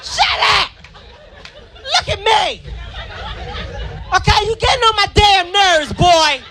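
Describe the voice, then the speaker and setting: A man putting on the voice of an angry, fed-up mother who shouts at her child during a stand-up routine. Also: extremely high pitch, animated, voice pushed up, exaggerated voice. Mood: scolding, shouting. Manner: shouting, exasperated, drawn-out emphasis. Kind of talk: stand-up comedy act-out. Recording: live club crowd and noise.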